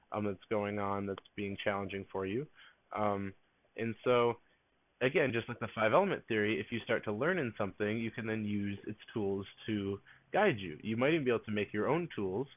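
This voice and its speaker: A man giving a casual teaching talk on a live stream, relaxed and full of "um" fillers. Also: lowish voice. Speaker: fellowship leader on a live stream. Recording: tinny phone-like live stream audio.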